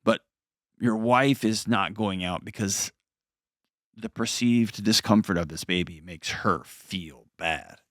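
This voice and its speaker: A man hosting an advice call-in show, talking in an earnest, conversational way and gently reassuring a caller. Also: lowish voice, takes it slowly, no echo, clean studio sound.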